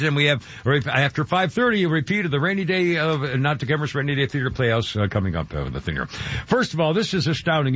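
A man hosting talk radio, rambling and halting, with lots of fillers and restarts. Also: mid-range voice, fairly bright tone, no echo. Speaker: radio show host. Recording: dull lo-fi radio sound.

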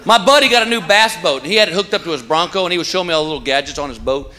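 A man's voice: on the high side, lively intonation, very fast, background noise. A man doing a folksy stand-up routine, stretching out his punchlines. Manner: folksy storytelling with a drawled punchline. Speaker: stand-up comedian. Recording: live show with loud audience.

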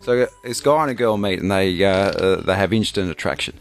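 A man's voice: deep voice, fairly quick, soft background music. A man co-hosting breakfast radio, telling a rambling joke with plenty of fillers. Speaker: radio co-host. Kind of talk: casual breakfast radio banter.

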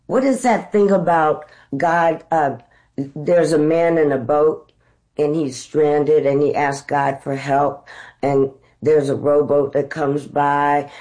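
A middle-aged actress telling candid stories about auditions, unhurried and reflective, growing animated as she retells them. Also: deep voice. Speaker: actress guest. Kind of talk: candid conversational storytelling.

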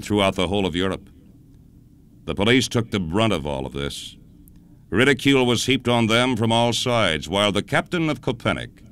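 A man hosting a radio show, telling a historical story in a measured, dramatic scripted narration. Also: on the low side, a bit bright, a little hiss or hum.

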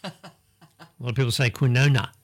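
A man co-hosting a radio show, chatting casually, laughing often and sounding words out slowly. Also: mid-range voice, big pitch swings, a bit bright. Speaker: radio host.

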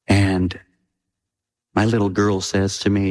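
A man preaching a sermon with impassioned delivery, his pitch swinging high and dropping low. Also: little pitch movement, unhurried, pauses often, darkish tone. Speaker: pastor. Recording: long hall reverb.

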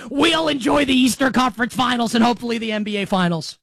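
A man delivering an excitable, rambling sports monologue as show host, breaking into shouts. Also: very high-pitched, fast, gravelly, no echo, rough recording. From New York.

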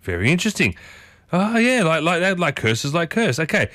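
A man's voice: fairly high pitch, very animated, moderate pace, a bit bright, no echo. A man hosting a casual talk, chatting to his listeners and often turning to ask them questions. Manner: chatty, asks the audience many questions. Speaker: host.

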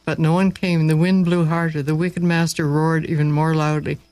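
Brief: male narrator, read-aloud story, expressive with dramatic slowing, dry booth sound. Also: on the high side, no room sound, rough recording.

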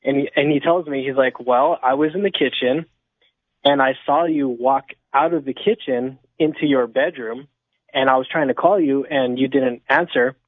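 Over a tinny phone line, a caller from the Inland Empire in California tells a story to a radio show. His mid-range voice runs at normal speed with no echo, and he rambles with many fillers and restarts.

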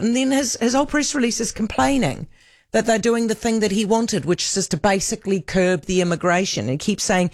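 A woman with a New Zealand accent hosting a talk radio news hour, chatty and wry with quick asides. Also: a little high, animated, no room sound, studio quality.

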